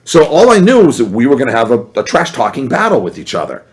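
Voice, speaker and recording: A man spins a story in relaxed podcast chat, his pitch leaping around as he acts out the people he quotes. He talks in an animated, lively way. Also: fast talker. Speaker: podcast guest. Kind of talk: casual storytelling.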